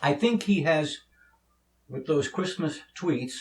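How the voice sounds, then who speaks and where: A man talks to camera in a relaxed, chatty way, sharing opinions and news with small stumbles. His voice sits a little high. The room around him is echoey. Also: slow. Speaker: video blogger and actor. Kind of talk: casual commentary to camera.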